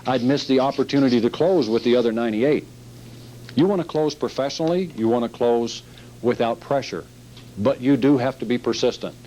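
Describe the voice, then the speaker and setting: A man's voice: medium pitch, a little fast, dark tone, a little hiss or hum, rough recording. A man teaching a sales training seminar, emphatic and repetitive, acting out sales scenes as he goes.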